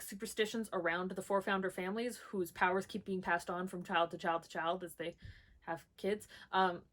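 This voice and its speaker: A woman's voice: mid-range voice, a bit bright. A young woman talks casually about books, rambling and filling her sentences with likes and ums. Her delivery is bubbly and enthusiastic, with a middle-range voice that sounds like she is chatting from home. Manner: chatty and rambling, with many "like" and "um" fillers. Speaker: book vlogger. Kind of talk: casual chat, answering a book tag.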